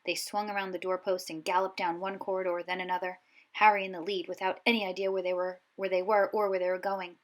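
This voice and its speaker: A woman's voice: on the low side, fast talker, low-quality recording. Woman reading a storybook aloud. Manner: expressive, voices each character. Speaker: audiobook reader.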